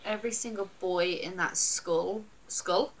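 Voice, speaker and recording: A woman's voice: mid-range voice, unhurried, poor audio. A woman co-hosting a podcast, telling a true crime case in a casual chatty way. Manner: storytelling, reads out dates and facts. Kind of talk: casual chat, reading a case.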